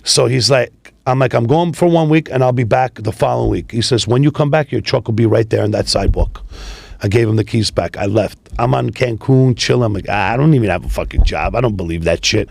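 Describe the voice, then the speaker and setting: A man, a tow business founder telling profane, animated stories in a casual interview. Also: medium pitch, brisk, vocal fry, dry recording. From New York City. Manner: profane, animated street storytelling.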